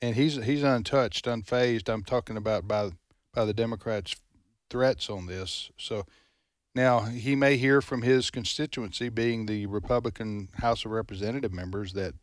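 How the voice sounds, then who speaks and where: A man's voice: on the low side, normal speed, no room sound. A man hosting a political talk radio show, chatting in a folksy, rambling way with frequent restarts, recorded on a dry studio mic.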